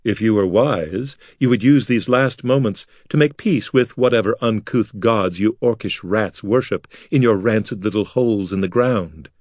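A man voicing a cruel, scheming male noble who mocks his enemies in a smooth, theatrical manner. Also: mid-range voice, big pitch swings, moderate pace, no echo, clean studio sound. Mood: mocking menace.

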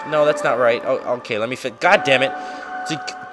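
A man's voice: mid-range voice, brisk, vocal fry. A man casually commenting on a video game as host, joking and swearing freely, over game music. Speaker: let's play host.

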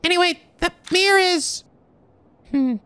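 A man doing a high falsetto young woman. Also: measured pace, sharp tone, exaggerated voice. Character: curious young woman classmate exploring a ruin.

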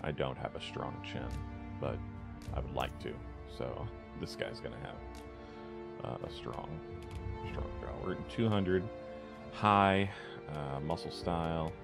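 Let's play host, male: rumbling bass, gravelly, laid-back and jokey, hesitant fillers. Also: unhurried, loud music behind the voice. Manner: relaxed, joking, lots of ums and uhs. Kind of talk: casual gameplay commentary.

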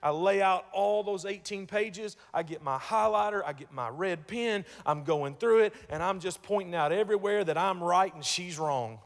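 Pastor preaching in a reverberant hall. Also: male voice, high voice, moderate pace, few pauses. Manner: storytelling, repeats words when starting, swings from hushed to loud. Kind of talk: sermon. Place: church sanctuary.

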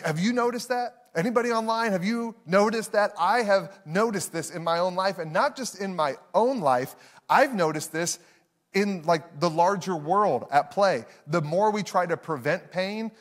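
A man, preaching a sermon in a conversational, self-deprecating storytelling way to a live congregation. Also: high voice. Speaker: pastor.

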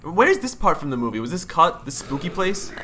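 A woman casually commentating a video game she plays, joking and sometimes shouting names in put-on voices. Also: low voice, very animated, fairly quick. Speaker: let's play co-host.

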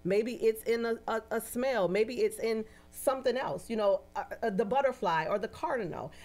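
Casual: medium lady chatting in an interview, lively storyteller, tosses in lots of "you know, right?". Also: on the high side, normal speed. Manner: animated, acts out quoted dialogue in anecdotes.

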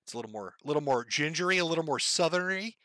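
Bright-voiced Minnesotan man ranting. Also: on the high side, expressive, very fast, no room sound. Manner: rambling, profane, laughing asides. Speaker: livestream host. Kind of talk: casual livestream commentary.

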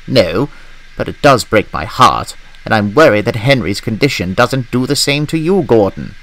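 A man's voice: mid-range voice, animated, moderate pace, fairly bright tone, low-quality recording. A man voicing a kind, earnest older male steam engine in a storybook reading.

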